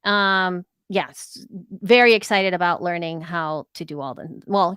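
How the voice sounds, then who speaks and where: A woman's voice: mid-range voice, fairly bright tone, clean tone, no echo, clean studio sound. A woman co-hosting a podcast, chatting casually and upbeat with plenty of fillers. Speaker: podcast co-host. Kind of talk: casual chat.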